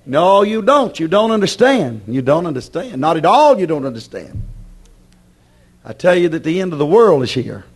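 A man preaching a sermon with passion, acting out his listeners' objections and swinging between loud declarations and hushed warnings. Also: on the high side, very animated, moderate pace, slightly rough. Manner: voices imagined objections from the congregation.

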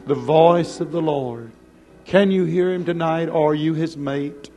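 A pastor delivering an impassioned, pleading sermon with an urgent call to come forward. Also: male voice, on the high side, measured pace, warm tone, faint music behind.

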